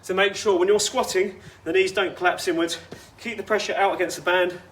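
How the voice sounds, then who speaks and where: A man's voice: high-pitched, fairly even intonation, a little fast, fairly bright tone. A man coaching a workout outdoors, chatty and instructive with personal asides. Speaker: fitness coach.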